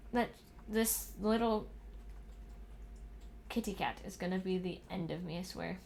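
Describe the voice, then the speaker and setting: Young woman, streamer, slow drawl, gravelly, exasperated muttering, desk mic, faint hiss. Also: lowish voice, a little mellow. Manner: muttering to herself, exasperated asides to her cat. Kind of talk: casual livestream chat while building in a game. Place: home room at a computer.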